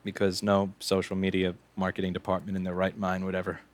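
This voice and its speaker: A man's voice: low voice, monotone, fairly quick. A man in his late twenties, hosting a casual livestream while doing repair work, chatting in a sarcastic, joking, rambling way. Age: late 20s. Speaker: repair technician and stream host.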